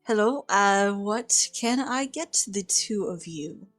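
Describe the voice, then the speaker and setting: A woman's voice: mid-range voice, lively intonation, takes it slowly, a bit bright, soft background music. A woman voicing a prim, polite male barkeep who is centuries old, in a tabletop game. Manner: polite, fussy.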